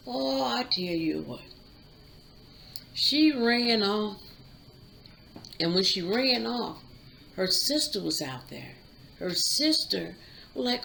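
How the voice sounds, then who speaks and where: Slow gravelly woman retelling a movie. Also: fairly high pitch, lively intonation, bright, forceful tone, slight background noise, rough recording. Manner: chatty, drawn-out storytelling with asides. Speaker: YouTube channel host. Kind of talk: casual movie plot retelling.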